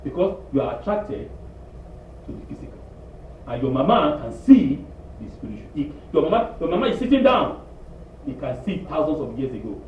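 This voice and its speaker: A man preaches an animated sermon and hammers his points through repetition. His voice is fairly high for a man. It is heard from a distance in an echoey congregation hall, muffled, with faint background noise. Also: moderate pace. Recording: distant, echoey, dull room recording.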